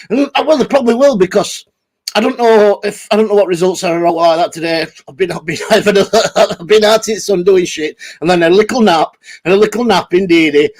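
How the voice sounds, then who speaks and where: A man hosting a casual ranting vlog, sweary and rambling, laughing often. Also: high voice. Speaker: YouTube host.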